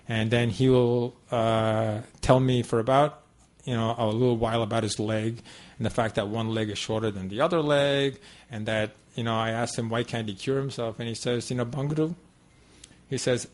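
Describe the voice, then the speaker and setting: A man giving a talk to an audience at a devotional center, telling a personal story in a conversational, meandering way with many asides. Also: mid-range voice. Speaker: guest speaker at a devotional center.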